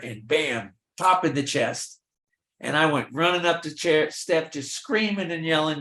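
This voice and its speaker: An older man, a veteran film extra, telling lively anecdotes in a Q&A and acting out the dialogue of the people in them. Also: on the high side, unhurried. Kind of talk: storytelling in a virtual Q&A. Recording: roomy echo.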